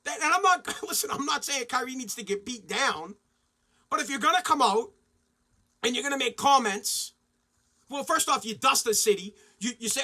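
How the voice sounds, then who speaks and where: High bright-voiced ranting man. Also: animated, a little fast. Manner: heated, swearing, loud bursts of indignation. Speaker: podcast host. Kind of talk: profane ranting monologue.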